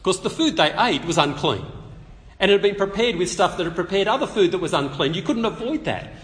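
A man preaching an expository sermon at a public meeting, conversational and animated, with touches of light humor. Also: high-pitched, fairly quick. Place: meeting hall. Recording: long reverb of a meeting hall.

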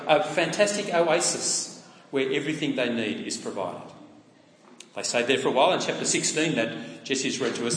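A man preaching a sermon in a conversational way, asking his listeners rhetorical questions. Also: fairly high pitch. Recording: echoey hall with long reverb.

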